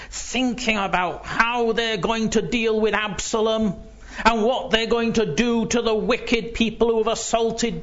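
A man preaching a sermon in a slow, earnest way, often dropping to a hushed voice as he quotes. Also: high voice. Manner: slow, earnest, voice drops to near-whisper when quoting. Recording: dull lo-fi recording.

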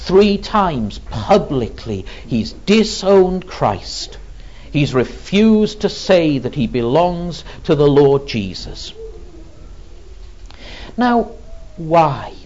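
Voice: mid-range voice, darkish tone. A preacher giving a sermon, retelling a story in an earnest, vivid way, on a dull lo-fi recording.

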